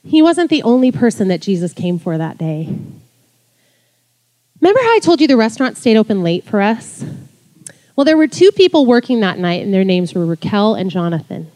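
A woman in her forties, a worship leader, telling a lively story in a sermon, her voice jumping high when excited. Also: moderate pace. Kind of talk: sermon testimony.

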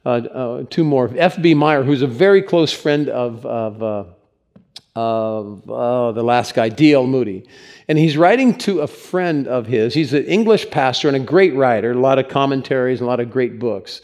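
A man's voice: mid-range voice, moderate pace, darkish tone. A man preaching as a pastor, telling stories in an earnest, conversational sermon, likely in a church.

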